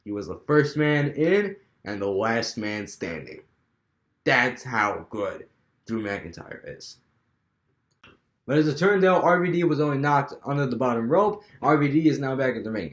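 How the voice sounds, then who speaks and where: A young man casually talking through his fantasy wrestling booking, rambling with many restarts. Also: medium pitch. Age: young adult. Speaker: wrestling fan vlogger. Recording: echoey room.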